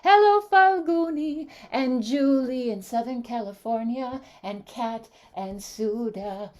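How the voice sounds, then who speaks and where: A woman's voice: fairly high pitch, takes it slowly, a little mellow. A woman hosting an online song gathering, greeting viewers one by one in a lilting, sing-song way over a video call. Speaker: host. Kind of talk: warm welcoming livestream greetings.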